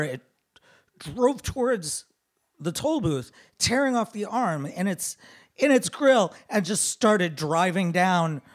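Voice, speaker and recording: Guy doing a live comic story on stage, lively swoopy voice, pokes fun at himself. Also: sits high. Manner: animated, self-deprecating. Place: theater stage.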